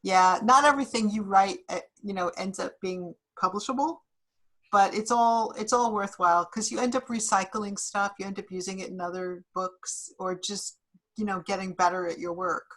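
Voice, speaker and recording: A woman's voice: mid-range voice, fairly even intonation, normal speed, a bit bright, low-quality recording. A woman author speaking to a class over a video call, reflective, with frequent ums and restarts. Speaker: guest author.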